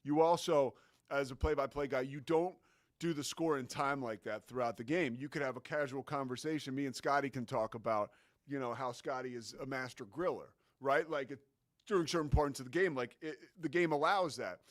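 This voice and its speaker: Male sports show host, casual and excitable, fillers galore, dry booth sound. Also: mid-range voice, brisk, no echo. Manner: enthusiastic, conversational, many fillers.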